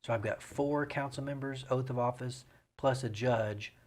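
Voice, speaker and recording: A middle-aged man, a mayor and pastor speaking as a guest in a relaxed interview, explaining things in a measured way. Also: medium pitch, a little hiss or hum. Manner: measured, explanatory, breaks into rhythmic vocal imitations.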